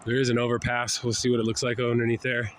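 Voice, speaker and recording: An older man with a head cold and a nasal voice, rambling in a casual walking vlog outdoors, often sighing and clearing his throat. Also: medium pitch, monotone, fast talker, a bit bright, a little hiss or hum. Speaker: traveling vlogger. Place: outdoors, walking along roads and a river valley.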